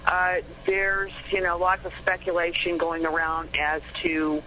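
A woman's voice: lowish voice, completely flat delivery, measured pace, pushed and bright, slight background noise. A woman calling in to a radio show, speaking hesitantly with many fillers. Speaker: caller. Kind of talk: call-in radio chat. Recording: tinny phone line on radio.

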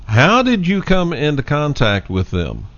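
A man's voice: a little high, wildly swooping pitch, unhurried, a bit bright. A man hosting a talk radio show, asking brief, direct questions and thanking callers. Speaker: radio host. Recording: dull lo-fi radio audio.

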